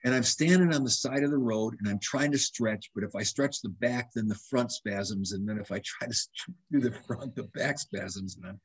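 A husky older man in his seventies talks casually as a guest doctor. He tells lively stories, restarts his sentences and quotes himself as he goes. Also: medium pitch, normal speed. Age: 70s. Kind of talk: casual interview conversation.

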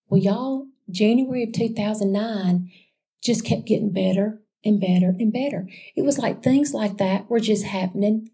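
A woman sharing a personal faith testimony in a chatty, animated storytelling way, calling her listeners y'all. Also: medium pitch. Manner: chatty and animated, addressing listeners as y'all, with frequent restarts and asides.

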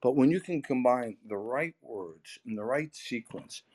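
A man's voice: medium pitch, lively intonation, a little slow, darkish tone. A middle-aged man talking sales on a podcast, emphatic and full of repeated words, his voice swinging up and down as he makes his points. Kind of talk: animated conversational podcast talk.

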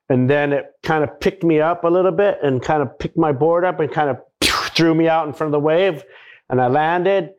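A man telling a story in a relaxed, rambling way, as a guest in a casual talk. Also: on the high side. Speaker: big wave surfer guest.

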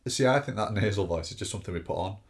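A man's voice: lowish voice, racing. A man co-hosting a casual podcast while he has a cold, dry and mock-exasperated with his co-host.

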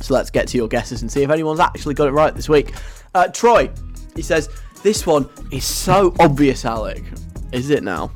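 A man's voice: fairly high pitch, expressive, normal speed, soft background music. A man hosting a radio show in a playful, rambling way, chuckling as he goes. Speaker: radio host. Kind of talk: casual radio chat.

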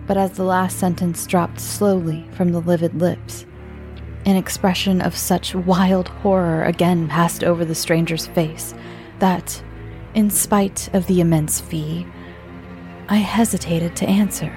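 Slow gravelly woman reading a ghost story. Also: fairly low pitch, fairly even intonation, faint music behind. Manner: measured, dark, drops into whispers for suspense. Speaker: narrator.

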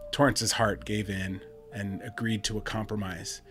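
A man, a podcast host, narrating a first-person horror story in a measured, dramatic and wry way. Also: lowish voice, level tone, pushed and bright, husky, faint music behind.

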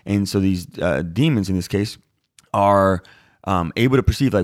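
Chatty low-voiced man in his thirties. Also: moderate pace, no room sound, studio quality. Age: 30s. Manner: chatty and informal, with fillers like "like" and "y'all". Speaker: Bible teacher answering a viewer question. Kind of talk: Bible reading and casual teaching.

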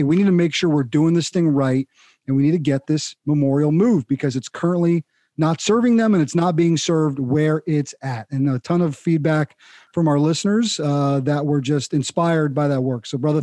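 A male interview host with a somewhat raised pitch and a warm, mellow tone. He sets up his guest's story with earnest emphasis. The sound is dry, with no room echo. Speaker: podcast host. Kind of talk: interview hosting.

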